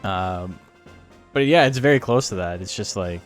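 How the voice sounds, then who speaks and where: A man's voice: sits low, lively intonation, moderate pace, soft background music. A man hosting a game tournament stream, talking casually in a rambling, crude way with lots of fillers. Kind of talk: casual livestream commentary.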